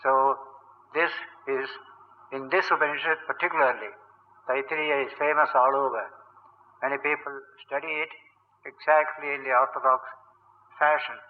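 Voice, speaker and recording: An older man with an Indian English accent delivers a spiritual discourse, chanting verses slowly and then explaining them with measured care. His voice sits at a middling pitch. The old archival recording sounds thin and phone-like, with a long reverb from a large hall. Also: steady tone. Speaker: monk lecturing on scripture.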